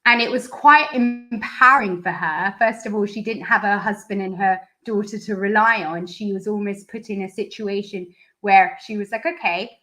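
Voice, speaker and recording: A woman speech therapist speaks in an interview, earnest and explanatory. She walks through examples one step at a time, in a mid-pitched, everyday voice. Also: normal speed, bright, forceful tone. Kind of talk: interview answers.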